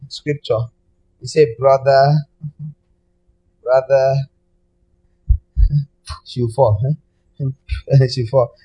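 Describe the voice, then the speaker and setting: A male pastor preaching a sermon in an animated way, breaking into sudden high mocking cries. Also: slightly rough, poor audio.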